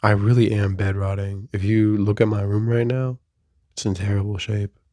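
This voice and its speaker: A young man in a casual confessional monologue, rambling and self-deprecating, often rising into animated rhetorical questions. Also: lowish voice, moderate pace, dry recording. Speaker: vlogger. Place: his bedroom.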